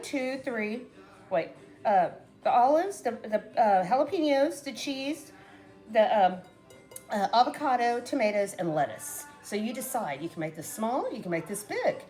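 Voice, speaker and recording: A woman's voice: fairly high pitch, very animated, normal speed, darkish tone, soft background music. A middle-aged woman chatting casually to her viewers while making a salad, rambling and often trailing off mid-sentence. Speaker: cooking vlogger. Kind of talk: casual cooking chat to camera.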